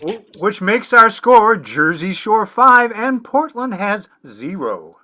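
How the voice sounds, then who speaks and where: Man, scorekeeper, matter-of-fact, very bright, high voice. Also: very animated, slow, slight background noise.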